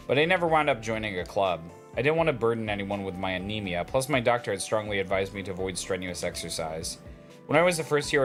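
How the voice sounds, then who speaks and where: A man streaming a visual novel, chatting casually and reading the narration aloud. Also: on the low side.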